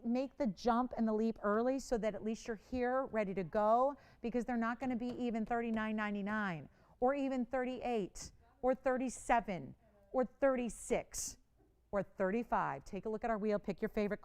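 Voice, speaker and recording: A middle-aged woman hosting a live jewelry shopping show, giving an effusive, persuasive sales pitch that swings between soft confiding asides and loud excited bursts. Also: normal speed, clean tone. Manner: effusive and persuasive, repeats herself for emphasis. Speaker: shopping channel jewelry host.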